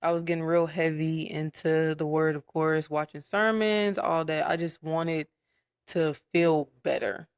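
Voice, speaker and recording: A young man telling his personal story in a casual podcast chat, candid and soft-spoken, with frequent fillers. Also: a little high, fairly even intonation, a little slow, clear, resonant tone, no room sound, studio quality. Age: young adult. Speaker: podcast guest.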